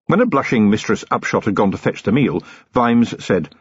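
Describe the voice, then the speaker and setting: A man narrating a novel as an audiobook, in an expressive, characterful storytelling way. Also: fairly low pitch, moderate pace, few pauses, husky, no echo. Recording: dull lo-fi close-miked recording.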